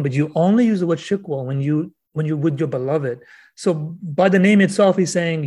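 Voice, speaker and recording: A man, a guest author on a podcast, explaining in a casual, animated storytelling way and acting out the voices he quotes. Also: fairly high pitch, fast talker.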